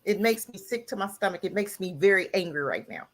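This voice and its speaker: This woman's expressive, slightly fast voice drives a heated call-in rant on live radio talk. She repeats her lines for emphasis, breaks out laughing, and lifts her voice nearly to the point of tears.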